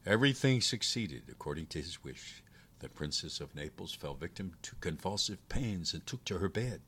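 Deep-voiced man reading a folk tale. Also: lively intonation, normal speed, fairly bright tone, husky. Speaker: narrator. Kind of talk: storybook reading.

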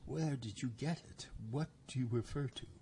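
A man voicing a sly, scowling serpent that pleads in a breathy, wheedling way. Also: medium pitch, normal speed, warm tone, a little hiss or hum, pitched above the performer's own voice, lightly acted. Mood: sly pleading.

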